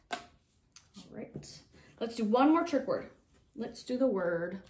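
Young woman teacher, kinda high voice, encouraging little kids, spells words out slow. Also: lively intonation, warm tone. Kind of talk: recorded spelling lesson for young pupils.

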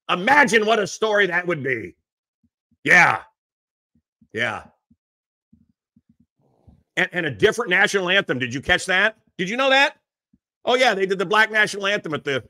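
A man hosting a live talk show from a small studio, ranting in an animated, mocking way. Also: fairly high pitch. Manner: animated, mocking, mimics voices. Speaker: radio host. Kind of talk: ranting monologue.

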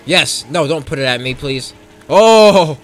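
A young man commentating his racing game run in casual talk, profane and excitable, jumping from yells to low mutters. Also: normal speed. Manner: profane, excitable, swings between shouting and muttering. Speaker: gameplay commentator. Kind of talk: casual let's play commentary.

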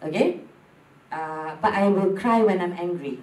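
A woman's voice: lowish voice, unhurried, a little mellow. Candid Malaysian woman, roomy and distant. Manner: candid, switching between English and Malay. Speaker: guest. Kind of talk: casual talk show chat.

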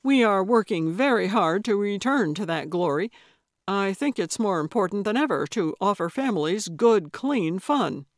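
A woman's voice: mid-range voice, lively intonation, normal speed, no room sound, studio quality, lightly acted. A woman voicing an eager young man in Western garb who greets visitors with forced, salesy cheer. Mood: exuberant. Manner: overly exuberant, salesy cheer. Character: eager young male theme park host.

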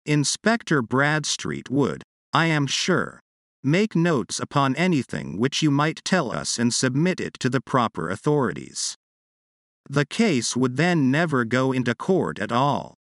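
A man voicing a composed, precise gentleman detective in a story reading, speaking in a measured way. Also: medium pitch, very animated, no room sound, clean studio sound. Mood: reassuring.

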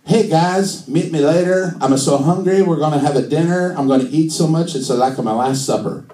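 A comedian putting on a fake Italian accent to play Jesus as an excitable man, talking in broken English. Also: a little high, moderate pace, roomy sound, recorded from a distance, voice pushed up, natural voice. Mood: excited. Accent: put-on Italian. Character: Jesus as a chatty social media user, adult man. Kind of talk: stand-up character bit.

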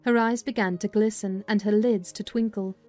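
A woman narrating a dramatized audiobook of a classic novel, with a measured, expressive storytelling manner. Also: mid-range voice, soft background music.

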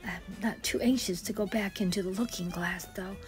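An older woman playing a nervous grandmother, speaking in a hesitant, quiet way. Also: medium pitch, moderate pace, soft background music, close to an everyday voice. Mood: timid. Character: timid grandmother, nervous and easily scared.

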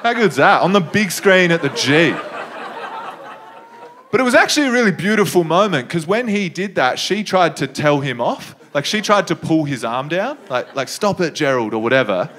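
A man's voice: on the high side, a bit bright. Young man, Australian accent, laid-back, dry stand-up, stage mic, faint background noise. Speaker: stand-up comedian. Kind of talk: stand-up storytelling.

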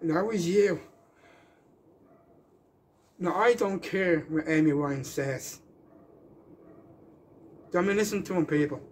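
A man's voice: on the high side, slow, pauses often, a little hiss or hum. Defiant, rambling man. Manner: emphatic, repetitive, defiant. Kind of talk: rambling public rant.

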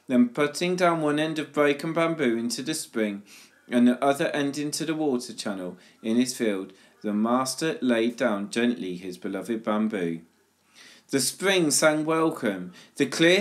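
Brief: man of medium pitch, measured church storyteller reading a parable. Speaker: prayer leader at a church children's service.

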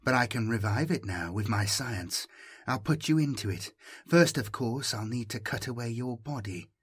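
A man voicing a mocking, half-mad robot with a trapped mind, speaking in a hushed, purring half-whisper. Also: mid-range voice, lively intonation, normal speed, slightly rough, no echo, studio quality. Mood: menacing.

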